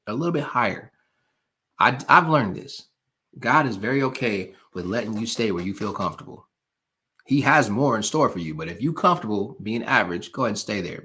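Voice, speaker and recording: Speaking in a fairly low, bright voice with a forceful tone, a live-stream host fires up his audience with a pep talk. He leans on emphatic repetition like a preacher while keeping things casual and addressing viewers directly.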